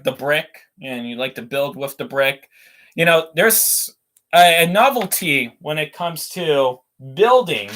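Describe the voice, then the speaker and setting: A man's voice: a little high, fairly bright tone. A young man hosting a casual livestream while building toy models, rambling and ranting between reading out chat messages.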